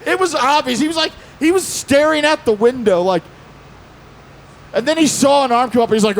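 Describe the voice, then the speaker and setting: A man telling a story on a convention panel in a casual, animated way, acting out the quotes and laughing often. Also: very high voice, fairly quick.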